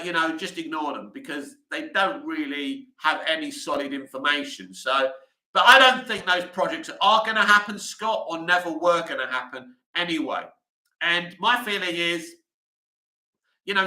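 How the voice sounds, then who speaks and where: A man's voice: fairly high pitch, bright, forceful tone, reverberant, poor audio. A man hosting a casual livestream, rambling chattily with lots of "you know" fillers as he answers viewer comments. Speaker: livestream host.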